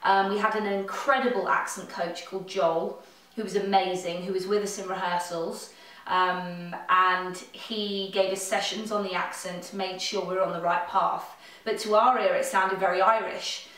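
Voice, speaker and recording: A woman's voice: medium pitch, steady tone, normal speed, fairly bright tone. A woman in the cast of a musical, giving earnest, explanatory interview answers from home. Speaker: musical theatre cast member. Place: home during lockdown. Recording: very echoey, distant from mic.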